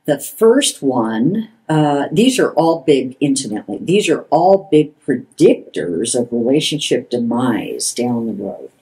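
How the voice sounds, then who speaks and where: An older woman therapist explaining relationship patterns in a measured way, acting out the quoted lines. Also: deep voice, dark tone, low-quality recording. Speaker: couples therapist. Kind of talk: explanatory talk.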